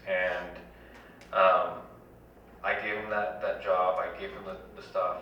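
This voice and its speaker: A congressional candidate gives an earnest, rallying town hall campaign speech in a community center hall, stacking repeated phrases. His voice sits low with little pitch movement and a slow pace. The recording is echoey, dull, lo-fi and distant, with slight background noise.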